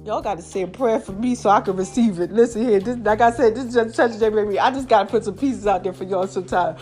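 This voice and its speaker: A woman hosting a podcast with a raspy, slightly hoarse voice, preaching casually and calling her listeners "baby" and "y'all". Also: fast talker, a little mellow, soft background music. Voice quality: raspy, deeper than usual. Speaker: podcast host. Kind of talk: casual motivational podcast monologue.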